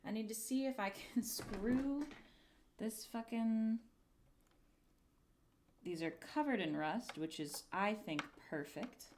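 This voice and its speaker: Slow-talking woman muttering while crafting. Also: medium pitch, a little mellow, a little hiss or hum. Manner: muttering and self-deprecating, swears, talks to chat while working. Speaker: streamer. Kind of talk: casual livestream crafting chatter.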